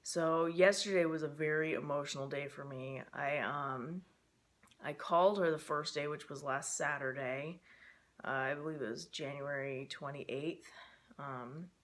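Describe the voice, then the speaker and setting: A woman's voice: deep voice, fairly even intonation, measured pace. A young woman talking to camera in a casual personal vlog, rambling and emotional with many fillers, stressed and frustrated. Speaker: vlogger.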